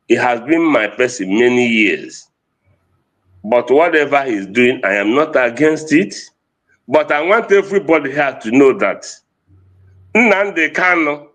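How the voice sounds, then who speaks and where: A man from Nigeria speaks with a clear Igbo accent, his voice pitched slightly above the usual for a man. He delivers an impassioned political speech, moving between Igbo and English and hammering his points with repetition. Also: a bit bright. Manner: fervent, mixes Igbo and English, repeats phrases. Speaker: activist speaker.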